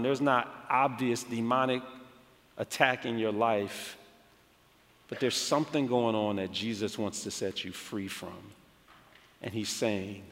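An American man preaching a sermon, telling a story in an animated way with many casual "like" asides. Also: mid-range voice. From United States. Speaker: pastor. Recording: long hall reverb.

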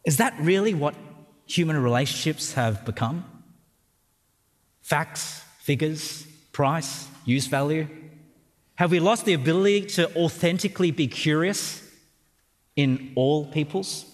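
This Australian preacher has a fairly high voice, an unhurried pace, and long pauses, recorded with heavy hall reverb. He jokes and talks conversationally through his sermon, regularly checking in with listeners through tag questions.

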